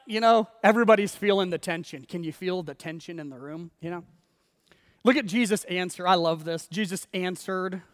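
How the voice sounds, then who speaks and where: A man's voice: high voice, fairly bright tone, in a large hall. A man preaching a sermon in a conversational way, acting out quoted voices and laughing often. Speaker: pastor.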